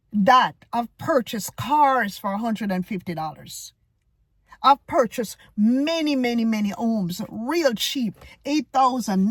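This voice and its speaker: A woman's voice: a little high, no room sound. A middle-aged woman delivering a blunt, confrontational rant as a vlogger, often repeating herself for emphasis. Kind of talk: ranting commentary video.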